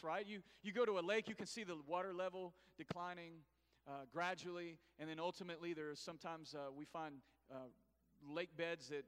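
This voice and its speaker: A middle-aged man preaching a sermon, calling on the congregation to answer back. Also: high voice. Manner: animated preaching with call-and-response to the congregation. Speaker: pastor. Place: church sanctuary. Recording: long reverb of a church hall.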